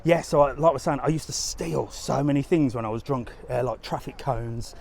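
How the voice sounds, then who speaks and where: A man's voice: medium pitch, fairly quick, creaky, darkish tone. A man chatting casually to a live audience as he walks outdoors by a harbour, rambling through stories and laughing often. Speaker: travel vlogger. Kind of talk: casual live-stream chat.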